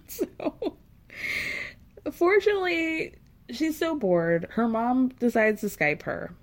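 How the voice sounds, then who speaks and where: A woman's voice: a little high, sing-song, unhurried, long pauses. A woman recapping a reality show in a casual, gossipy and sarcastic way, with giggly asides.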